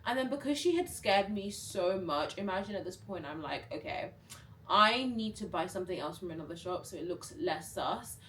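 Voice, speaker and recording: Young woman, chatty storyteller, mid-pitched voice, faint hiss behind. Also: moderate pace. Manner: chatty, animated storytelling, filler "like" throughout. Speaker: vlogger. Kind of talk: casual storytime.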